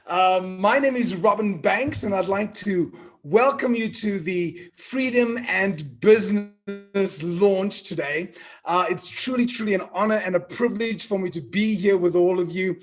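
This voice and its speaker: A man in his fifties from South Africa, hosting a live online launch event in a playful, animated way, telling stories and getting the audience to join in. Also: high-pitched, measured pace, faint music behind. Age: 50s. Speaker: event host.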